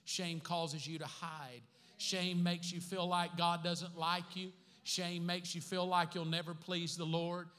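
A pastor preaching a sermon to his congregation, dropping joking asides between slow, emphatic, repeated points. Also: high-pitched, flat delivery, fairly bright tone, smooth. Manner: slow emphatic repetition of key phrases. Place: church sanctuary with congregation. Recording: long reverb from a large church hall.

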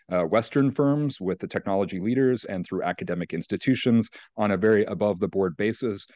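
A man answering as an energy research guest, measured and careful, qualifying his points with frequent hesitations. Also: fairly low pitch, darkish tone, no room sound. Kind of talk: expert interview answers.

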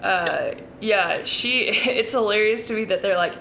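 A woman's voice: mid-range voice, unhurried, gravelly, hardly any pauses, bright, forceful tone, slight background noise. A woman co-hosting a casual podcast chat, joking and chatty on a single shared mic. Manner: joking, chatty, laughs through lines. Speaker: podcast co-host.

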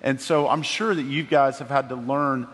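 A man hosting a conversation, encouraging his guest and summing up each point with warm affirmation. His pitch is ordinary and mid-range, and the voice rings with a long reverb. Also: fairly even intonation, normal speed. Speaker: podcast host. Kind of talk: interview conversation.

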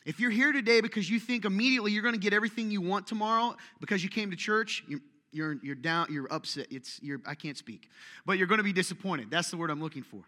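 A man's voice: high voice, fast, bright, forceful tone. A male pastor preaching a sermon in a church, joking with and teasing the congregation between emphatic calls. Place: church hall.

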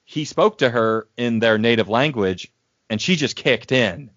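A man's voice: mid-range voice, lively intonation, a little slow, a bit bright, no room sound. A man co-hosting a podcast, telling rambling stories with many fillers in casual chat. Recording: dry, dull lo-fi sound.

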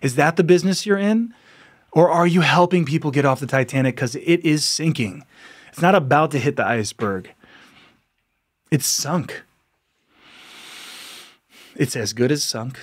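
A man's voice: a little high, normal speed, long pauses. A man hosting a podcast, delivering an impassioned monologue full of rhetorical questions and frequent laughs. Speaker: podcast host.

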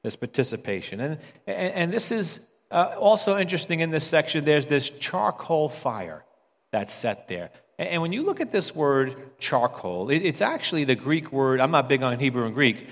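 A man's voice: on the high side, big pitch swings, moderate pace, long reverb tail. A man preaching a sermon in a conversational way, often stumbling and repeating words as he restarts.

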